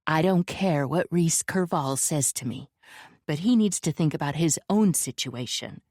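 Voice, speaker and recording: A woman's voice: low-pitched, lively intonation, a little slow, a little mellow, no echo, studio quality. A woman playing a cold, cutting noblewoman. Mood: cool. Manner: cool, lecturing, cutting.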